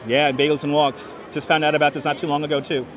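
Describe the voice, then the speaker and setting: A man's voice: a little high, little pitch movement, fast, crowd noise, noisy background. A man hosting a walking city livestream, upbeat, greeting viewers by name as he reads the chat, on a clip-on mic. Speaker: livestream host. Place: city streets and a large indoor station hall. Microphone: wireless clip-on mic.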